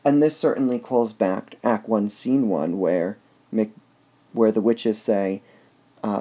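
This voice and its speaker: A man with a mid-range, dark-toned voice gives a casual lecture reviewing a play, his pitch swinging widely at a measured pace. He explains things step by step, leaning on filler words and often saying "all right".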